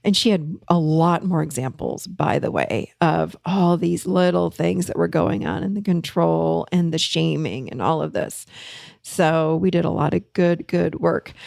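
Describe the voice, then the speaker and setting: This woman's voice is on the low side with some vocal fry. As a therapist, she shares a client story in a relaxed, storytelling way, getting animated whenever she imitates others, and the studio-quality recording has no room sound.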